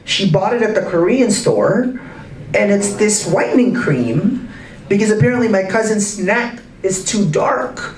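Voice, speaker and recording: A man speaking to a live audience in an arts center, emphatic and full of rhetorical questions, his pitch swinging widely. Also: lively intonation, unhurried. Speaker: guest speaker in a public conversation. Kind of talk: animated talk to a live audience. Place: arts center event space. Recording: roomy and distant with faint noise.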